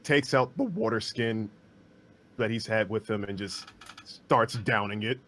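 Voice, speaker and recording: A man's voice: lowish voice, unhurried, a bit bright, slight background noise. A man playing a tabletop game who describes his character's actions in a casual way. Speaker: player.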